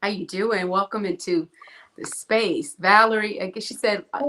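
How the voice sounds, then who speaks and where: A woman's voice: medium pitch, fairly bright tone, a little hiss or hum, rough recording. A woman co-hosting a live show, reading out viewers' names and greetings in a chatty way. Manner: slow, chatty, laughing often. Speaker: co-host.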